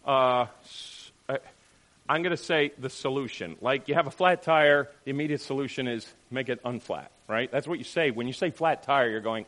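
Animated man preaching a sermon. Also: mid-range voice, moderate pace. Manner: animated, rhetorical questions, frequent "right?". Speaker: pastor.

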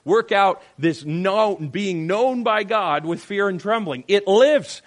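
A man leading a Bible study group, teaching in an animated, questioning way and acting out quotes. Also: high voice, takes it slowly.

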